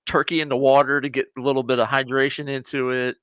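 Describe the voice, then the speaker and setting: Male co-host with an ordinary mid-range voice, easygoing and halting as he recounts scenes in a casual chat. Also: medium pitch, little pitch movement, fairly bright tone, smooth, dry recording. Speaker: podcast co-host.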